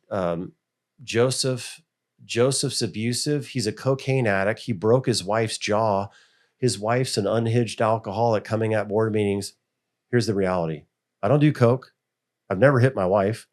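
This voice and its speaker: A middle-aged American man, a school board member, telling stories in a casual interview and acting out the voices he quotes. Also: fairly low pitch. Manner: animated, acts out quoted voices.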